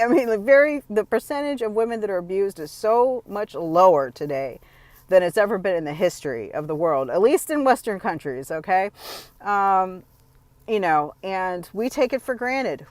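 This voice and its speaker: A woman's voice: mid-range voice, expressive, moderate pace, darkish tone, dry recording. A woman talking to camera in a casual, opinionated monologue, blunt and emphatic, often restarting her sentences. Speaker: vlogger.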